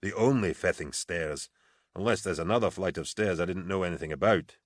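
Gruff male scout, deep growl, kept low, voiced by the narrator. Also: fairly quick, no room sound, studio quality. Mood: tense.

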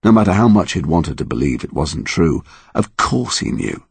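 A man's voice: very deep voice, very animated, moderate pace, gravelly, slightly rough, no room sound. A man narrating a story in a dramatic, emotionally charged reading. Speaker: audiobook narrator.

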